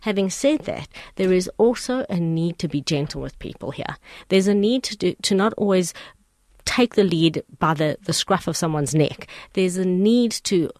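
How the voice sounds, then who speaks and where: A woman's voice: on the low side, expressive, normal speed, darkish tone, dry recording, studio quality. A woman hosting an advice talk, speaking earnestly and emphatically, repeating phrases for effect. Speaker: host giving life advice and readings.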